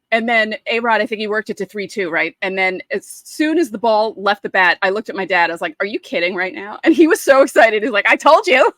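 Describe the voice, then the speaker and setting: Animated New woman telling stories. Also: medium pitch, no echo. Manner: animated storyteller, acts out quotes. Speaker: podcast co-host. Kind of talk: casual chat.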